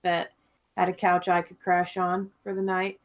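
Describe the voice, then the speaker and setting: A woman's voice: lowish voice, monotone, measured pace. A woman co-hosting a podcast, telling a long story in a rambling, chatty way and laughing often. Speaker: podcast co-host. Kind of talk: casual chat.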